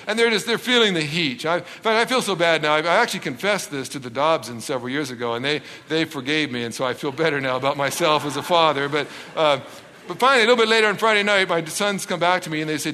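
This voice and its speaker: A middle-aged preacher from Canada tells a story from the pulpit, voice high and bright for a man. He acts out every exchange with playful, self-mocking humor. His words ring out with a long reverb through a large hall. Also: quick pace. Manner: animated, acts out dialogue with self-deprecating humor. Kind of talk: storytelling sermon.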